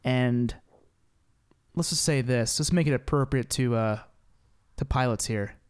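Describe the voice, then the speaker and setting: A man co-hosting a casual podcast chat, animated and teasing, acting out his reactions. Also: medium pitch, measured pace, clear, resonant tone. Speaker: podcast co-host.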